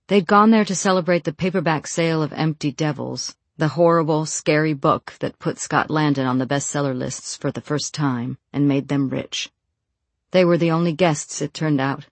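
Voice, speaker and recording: Dry, measured audiobook narrator. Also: medium pitch, dry recording. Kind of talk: scripted narration.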